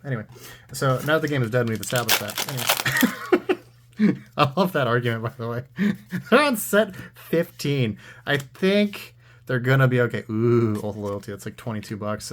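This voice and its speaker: A man's voice: medium pitch, normal speed, noisy background. A man giving casual, sarcastic commentary while opening trading card packs on his channel. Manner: dry, sarcastic.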